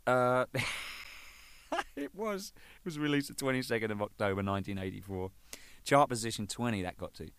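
Lively, animated man telling stories. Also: medium pitch, normal speed, pauses often, smooth, no room sound. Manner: animated, swears freely, laughs mid-story. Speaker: rock drummer telling band stories. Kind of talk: casual anecdotal storytelling.

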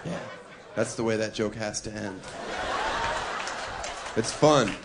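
A male stand-up comedian performing a routine, full of provocative setups and deadpan asides, chuckling at his own lines. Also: fairly low pitch, slow pace, over a noisy crowd, very noisy.

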